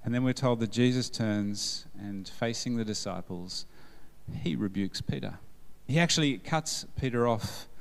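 A man's voice: mid-range voice, measured pace, vocal fry, big-room sound. Man preaching a jokey, interactive sermon. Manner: humorous, quizzes the congregation. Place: church service.

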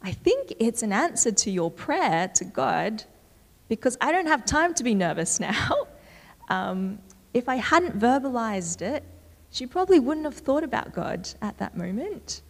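A woman giving a church talk in a relaxed, conversational storytelling way with frequent fillers. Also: on the high side, measured pace, vocal fry. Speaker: church speaker. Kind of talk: sermon. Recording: reverberant hall.

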